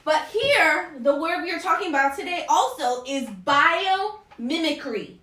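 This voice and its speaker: Woman, high bright voice, coaxing kids' lesson, echoey room, mic set back. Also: far from the mic. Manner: animated, coaxing teacher, repeats words slowly. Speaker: parent teaching her child. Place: indoor room with a computer and slides.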